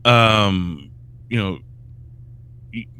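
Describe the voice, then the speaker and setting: Brief: male podcast co-host, low but forceful voice, blunt, profane. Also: extremely slow, clear, resonant tone, no echo. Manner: blunt, profane, gives practical advice. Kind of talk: casual podcast banter.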